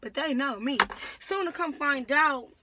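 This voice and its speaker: A young woman telling a story on her vlog, slangy and rambling, getting loud and heated as she goes. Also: high-pitched, normal speed, background noise. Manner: animated and loud, builds to shouting in quoted exchanges. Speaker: vlogger.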